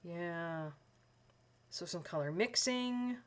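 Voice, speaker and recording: A woman talks casually while she pages through a colouring book, her voice pitched a little low. She rambles, restarts her sentences and fills the gaps with "um" and "like". Some faint room ambience sits quietly behind her. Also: animated, slow, slight background noise. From Canada. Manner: rambling, self-correcting, with frequent fillers. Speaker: colouring channel host. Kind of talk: chatty book flip-through narration.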